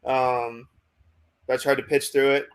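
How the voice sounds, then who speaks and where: A young man with an American accent, a minor league pitcher telling a long story in a casual interview, full of "like" and "um". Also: little pitch movement, unhurried, clean tone. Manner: rambling, many fillers like "like" and "um".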